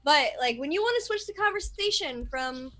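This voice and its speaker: Female co-host, bright and fairly high, lively and blunt. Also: normal speed, poor audio. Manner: animated, swears freely. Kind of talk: casual panel chat.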